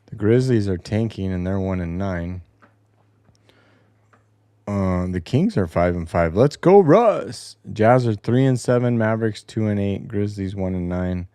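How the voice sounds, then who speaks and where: A man talking through the standings and schedule as the host of a casual sports show, rambling and opinionated with some swearing. His voice sits on the low side. The sound is dry and close, from a home basement. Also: a little slow, dark tone, smooth, no room sound. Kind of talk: casual solo sports commentary.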